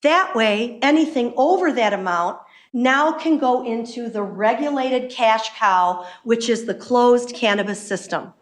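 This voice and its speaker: A woman giving an impassioned public comment at a council meeting as a hemp business owner, emphatic and quick. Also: fairly high pitch, animated. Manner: impassioned, emphatic, fast-talking. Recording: echoey meeting room.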